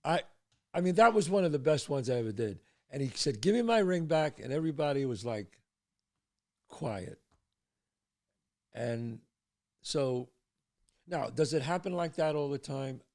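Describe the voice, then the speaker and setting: An older man hosting his show, telling a personal story in a casual, animated way and dropping low and quiet at the tense parts. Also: measured pace, pauses often. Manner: animated storyteller, drops to hushed tones for suspense. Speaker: podcast host.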